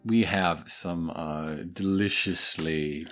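A man co-hosting a podcast, reading listener letters aloud in a playful, halting way with many restarts. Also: low voice, steady tone, fairly bright tone, soft background music. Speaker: podcast co-host.

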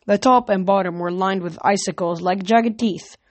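A woman reading a novel aloud at home in a plain, steady way, with small slips and restarts. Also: mid-range voice, normal speed, dry recording. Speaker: reader.

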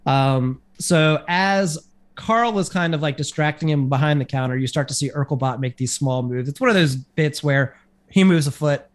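Guy recapping an old sitcom ep, kinda high voice, lots of ums and uhs. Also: moderate pace. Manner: rambling, filler-heavy retelling. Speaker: podcast co-host recapping an episode. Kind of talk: casual chat.

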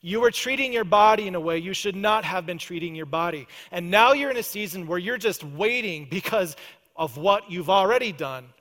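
A male pastor preaching a sermon, earnest, often dropping to a soft, intense prayer voice. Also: on the high side. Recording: church hall reverb.

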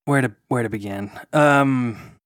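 A man's voice: medium pitch, measured pace, no echo, studio quality. A man co-hosting a podcast, talking in a wry, mock-complaining way in casual chat. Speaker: podcast co-host.

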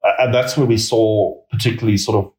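A man explains his analysis in a measured, conversational way, padding his sentences with hedges and fillers. His voice sits on the low side. The recording carries a noticeable roomy echo. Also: fairly even intonation, darkish tone. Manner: measured, hedging with many fillers. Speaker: political risk analyst guest. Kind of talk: conversational expert commentary.

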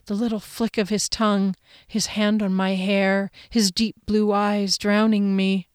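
A woman narrating a first-person audiobook in a measured, expressive way. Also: medium pitch, clean tone, no echo, studio quality.

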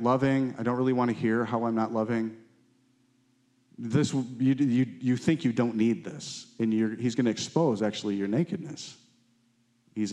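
Fervent preaching man, swinging loud to hushed. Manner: fervent, rising to high emphatic peaks then dropping low and quiet. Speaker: pastor. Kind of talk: sermon.

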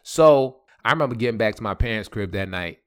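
A man's voice: fairly low pitch, expressive, fairly quick, clear, resonant tone. A young man hosting a podcast, telling a personal story in heavy slang, laughing often. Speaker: podcast host. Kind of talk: casual storytelling.

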